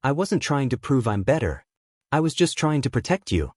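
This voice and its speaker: A man's voice: medium pitch, big pitch swings, moderate pace, darkish tone, slightly rough, no echo, studio quality. A man reading fan fiction aloud and voicing an earnest young man's ghost who pleads and defends himself. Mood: pleading.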